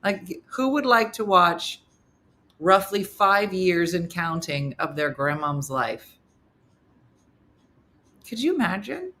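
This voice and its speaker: A woman's voice: on the low side, slow pace, pauses often. A middle-aged woman hosting a casual live morning show, chatting with viewers and acting out the people in her stories. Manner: animated storyteller, acts out quotes. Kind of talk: casual chat reading viewer comments.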